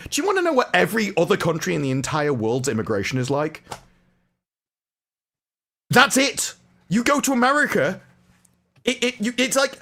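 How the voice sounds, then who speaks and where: A man tells a ranting story in a gravelly, fairly high voice. He sounds exasperated and drops his voice low to mimic airport officials. It is a casual chat among panelists. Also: fairly bright tone. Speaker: panelist on a film talk show.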